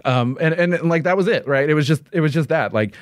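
A man's voice: fairly high pitch, quick pace, dry recording, clean studio sound. A man as an interview guest, chatting casually in a rambling way, with many restarts and filler words. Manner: rambling, full of "like" and restarts, laughs often.

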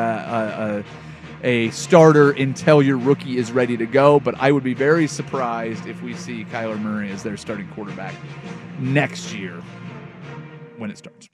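A man hosting a sports radio show, giving relaxed analysis and bantering with his co-host. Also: medium pitch. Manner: conversational, loud bursts of excitement.

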